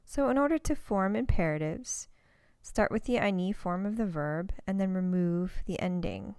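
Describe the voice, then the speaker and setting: A woman teaching a recorded language lesson, explaining step by step and saying example words slowly and carefully. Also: medium pitch, animated, darkish tone, smooth, no room sound.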